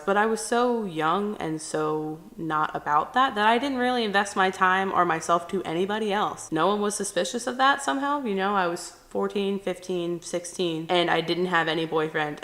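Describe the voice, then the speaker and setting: A woman's voice: on the low side, a bit bright. A young woman talking candidly to the camera, telling a personal story and acting out what people said. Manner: candid, chatty, acts out quotes. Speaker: vlogger.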